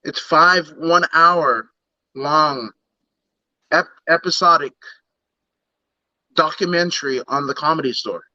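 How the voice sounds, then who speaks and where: Male podcast co-host, high voice, unhurried, dull lo-fi audio. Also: no room sound. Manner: animated storyteller, acts out bits. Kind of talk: casual chat. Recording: dull lo-fi sound.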